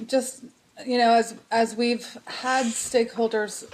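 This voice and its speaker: A woman's voice: fairly high pitch, flat delivery, slow pace, a little mellow, a little hiss or hum, poor audio. A woman chairing a public committee meeting, speaking casually and hesitantly with many fillers.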